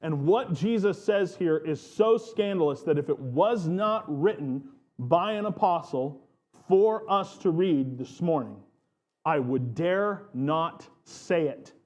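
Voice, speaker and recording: Slow, emphatic preaching man. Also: a little high, expressive, darkish tone. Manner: earnest, emphatic preaching with slow stressed phrases. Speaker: pastor. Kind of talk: sermon. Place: church.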